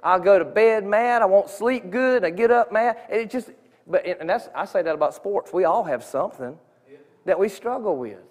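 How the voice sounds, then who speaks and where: A man's voice: high voice, lively intonation, normal speed. A man giving an earnest, conversational testimony in a church sanctuary, often restarting his sentences. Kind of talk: informal sermon testimony. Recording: long reverb of a church hall.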